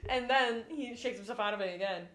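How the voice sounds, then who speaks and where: A woman's voice: fairly high pitch, fairly quick, a bit bright. A woman co-hosting a casual show recap, swearing a lot and retelling scenes in playful mock voices. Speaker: podcast co-host. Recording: echoey room with faint ambient noise.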